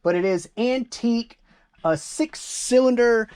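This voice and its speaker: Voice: medium pitch, measured pace, a little mellow, smooth. A chatty eBay reseller from northern Michigan, rambling casually through their sales while moving around a home storage room. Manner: rambling, chatty, self-deprecating. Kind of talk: casual vlog.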